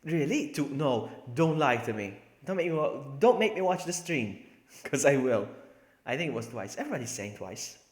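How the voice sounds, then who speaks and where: Give me an excitable male streamer with a lively voice in an echoey room. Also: medium pitch, normal speed. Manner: joking, excitable, laughs a lot. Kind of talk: live gameplay commentary. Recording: echoey room with faint noise.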